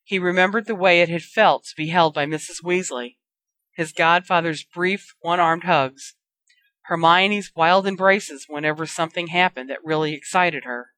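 A narrator reading a fantasy fan fiction story aloud in a steady, dramatic way. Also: medium pitch, moderate pace, no echo.

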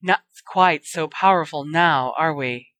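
A woman putting on a hissing, mocking dark wizard. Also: sits low, slow, no room sound. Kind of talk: fan fiction reading.

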